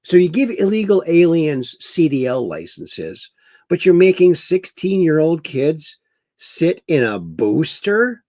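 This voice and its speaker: A man's voice: fairly high pitch, sing-song, slow, a little mellow, dry recording, studio quality. A man hosting a casual livestream, reading viewer comments aloud and mocking the news with chuckles. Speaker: livestream host.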